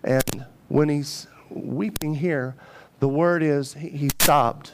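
Animated pastor with a high voice. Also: male voice, slow pace, noisy background. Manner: animated, joking storyteller with a congregation. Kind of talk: sermon.

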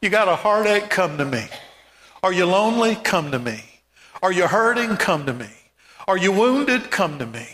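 A man preaching a sermon as pastor, emphatic, with repeated calls and rising shouts. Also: high voice, very animated, moderate pace, big-room sound.

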